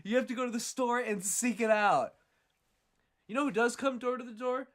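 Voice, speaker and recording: A man hosting a podcast who tells stories in a profane, animated way. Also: extremely high pitch, normal speed. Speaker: podcast host. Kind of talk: casual storytelling.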